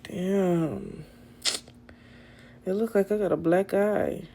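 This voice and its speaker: Young woman, livestream host, dark and gravelly, slow and blunt, casual phone chat. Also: medium pitch, fairly even intonation, a little hiss or hum. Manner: blunt, profane and exasperated. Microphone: phone camera.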